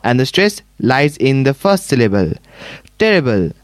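Guy student reading out his answers, dry close sound, pitch moves around. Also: normal speed, no room sound. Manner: steady, repetitive recitation. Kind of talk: reciting answers in class.

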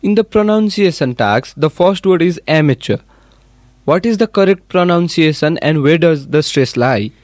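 A man's voice: a little high, animated, moderate pace, no echo, studio quality. A male student asking polite, formal questions in class.

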